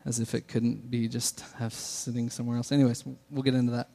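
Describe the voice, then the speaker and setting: A man's voice: mid-range voice, little pitch movement, brisk, creaky, warm tone. Man preaching in an echoey hall. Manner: casual, good-humored teaching. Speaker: pastor. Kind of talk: sermon with scripture reading.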